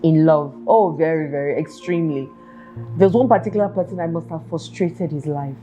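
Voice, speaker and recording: A woman's voice: sits low, brisk, warm tone, soft background music. A woman hosting a self-help talk show, earnestly asking her listeners one rhetorical question after another. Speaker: podcast host.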